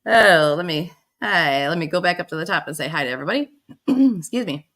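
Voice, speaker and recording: A middle-aged woman hosting a casual livestream, chatty and warm with her viewers, greeting them by name and laughing often. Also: lowish voice, animated, fairly quick. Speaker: livestream host.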